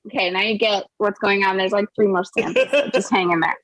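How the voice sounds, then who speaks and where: A woman's voice: medium pitch, brisk, no room sound, poor audio. A woman comedian on a video call, singing a joke song with chatty, giggly asides.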